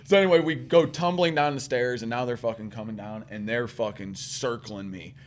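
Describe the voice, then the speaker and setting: A profane man, described as "St.", co-hosts a podcast and tells a rambling anecdote in casual chat, acting out the quotes. His voice is mid-range and a little fast.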